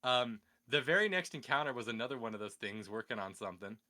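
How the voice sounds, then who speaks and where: A man in casual chat, telling a tabletop game story in an animated way, laughing along. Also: mid-range voice, quick pace. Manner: animated storyteller, acts out quotes, laughs a lot.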